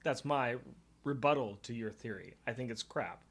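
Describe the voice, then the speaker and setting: A man's voice: medium pitch, moderate pace, heavy background noise. A man co-hosting a casual comic book podcast, recapping the story with sarcastic jokes and mock challenges. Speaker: podcast co-host. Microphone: podcast microphone.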